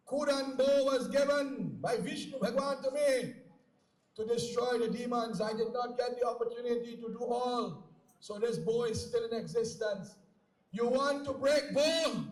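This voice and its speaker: A man voicing a proud, fierce older warrior sage who talks in a boastful, challenging way. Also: very high-pitched. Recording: echoey PA sound from far off.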